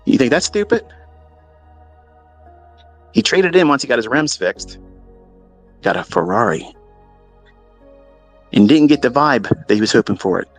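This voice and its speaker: A man telling a story in a profane, animated, mocking way, as a trading mentor talking to his audience. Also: mid-range voice, a little slow, long pauses, soft background music. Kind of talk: casual storytelling monologue.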